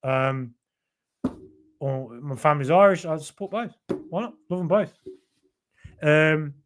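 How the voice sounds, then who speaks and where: An English podcast host with a mild Birmingham (Brummie) accent reads the live chat during a football podcast stream. His voice sits on the high side and moves unhurriedly, with a little hiss or hum in the audio. He chats casually, full of ums and restarts, and sounds tired as the night gets late.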